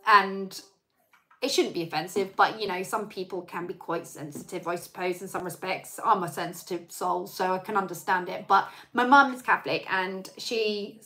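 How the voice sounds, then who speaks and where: A woman's voice: fairly low pitch, fairly even intonation, normal speed, bright, forceful tone. A young woman hosting a live Q&A, chatting in a rambling way with lots of fillers. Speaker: channel host. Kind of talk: live-stream Q&A chat.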